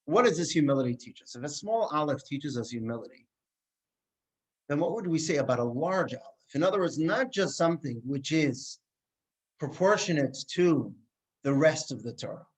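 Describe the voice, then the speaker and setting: A man teaching a Torah class as a rabbi, telling stories in an animated way that swings between quiet and emphatic. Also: fairly high pitch, moderate pace, poor audio. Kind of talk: Torah class lecture with storytelling.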